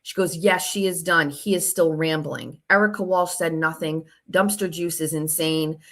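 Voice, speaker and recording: A woman's voice: low-pitched, steady tone, normal speed, fairly bright tone. A woman hosting her own show, telling a long story in a casual, sarcastic and profane way while reading out text messages. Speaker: show host.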